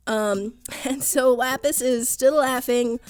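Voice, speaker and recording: A young woman casually recapping and giving her opinion on a cartoon episode, chatty and quick to laugh. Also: sits high, fairly even intonation, clear, resonant tone. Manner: chatty, laughs often, quotes characters loosely. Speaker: cartoon reviewer.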